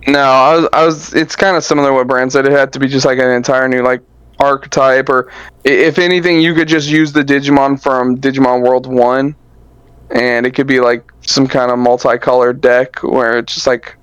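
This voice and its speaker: A man explains game history and card choices at length, full of hedges and fillers. His voice is smooth and resonant, but the mic sounds muffled and dead dry. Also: medium pitch, fairly even intonation, a little fast, a bit bright, dry recording. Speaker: podcast co-host. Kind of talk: casual chat about card games.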